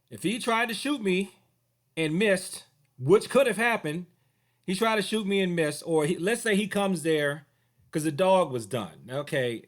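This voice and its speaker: A man recounting a past run-in, his pitch sitting fairly high and swinging widely as he talks. He slips into the voices of the other people in the story. Casual, expressive storytelling to camera. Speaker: martial arts teacher.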